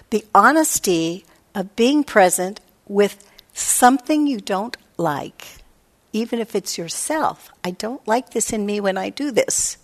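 Slow, reflective woman giving a dharma talk. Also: mid-range voice, animated. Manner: reflective, unhurried, quotes her own inner voice. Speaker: meditation teacher. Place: meditation hall.

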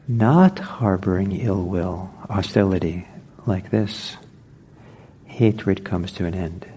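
A man giving a dharma talk as a meditation teacher, reflective and unhurried, pausing often and restarting his sentences. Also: sits low, mellow, slightly rough. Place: meditation center.

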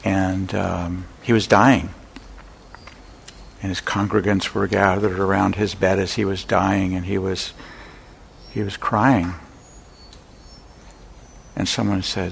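An older man giving a dharma talk as a meditation teacher, an unhurried storyteller who pauses often. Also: deep voice, little pitch movement, gravelly, slight background noise. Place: meditation center hall.

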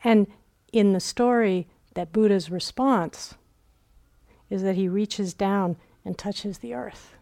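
A meditation teacher gives a dharma talk at a retreat center, telling stories reflectively and acting out quoted inner voices. Her voice is mid-range and slow, with a dark tone.

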